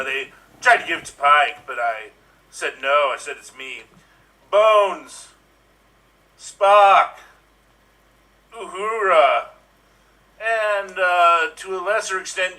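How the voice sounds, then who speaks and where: A man's voice: on the high side, pushed and bright, recorded from a distance, heavily acted, poor audio. A man doing a bold parody of a swaggering male starship captain in an improv sketch, heard from off the mic. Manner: bold, dramatic captain's delivery.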